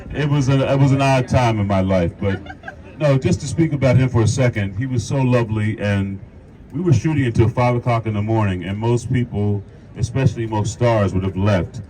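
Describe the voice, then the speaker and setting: A man's voice: medium pitch, darkish tone, rough recording. A man, an actor, giving a rambling, emotional speech at an outdoor union rally, laughing and repeating himself into a handheld mic. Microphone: handheld microphone.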